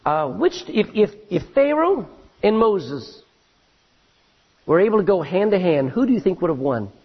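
A man preaching a sermon, reading scripture aloud and swinging between loud emphasis and hushed asides. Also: high-pitched, sing-song, measured pace, husky, dull audio.

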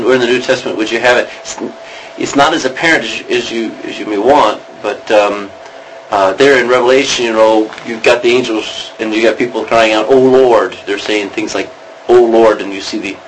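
Man as a classroom teacher, mid-pitched, with a faint hiss behind him. Meandering, talky delivery. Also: fairly even intonation, a little fast, fairly bright tone, poor audio. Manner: explains in a roundabout way, checking in with "okay?". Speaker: Greek teacher. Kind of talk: classroom lecture.

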